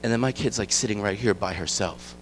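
A middle-aged man giving a guest sermon in a conversational, storytelling way, swinging from quiet asides to emphatic points. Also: on the low side, fairly quick, a little hiss or hum. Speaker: guest preacher. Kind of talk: conversational sermon with personal stories.

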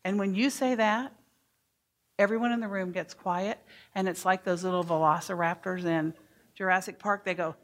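A woman's voice: lowish voice, steady tone, moderate pace. A woman educator giving a workshop talk to teachers, speaking emphatically and asking the room questions. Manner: emphatic, asks the audience questions.

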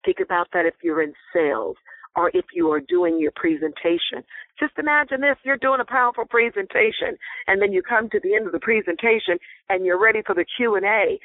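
A woman guest explaining body language in an interview, speaking in an animated, emphatic, teacherly way. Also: mid-range voice, dry recording. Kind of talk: interview on a phone call. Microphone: phone. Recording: tinny phone line, dry.

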